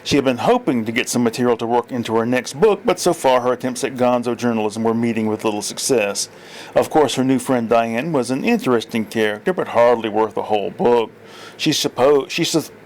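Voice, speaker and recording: A man's voice: medium pitch, fairly quick, darkish tone, a little hiss or hum, poor audio. A man reading his own fiction aloud, plainly, with small slips and corrections.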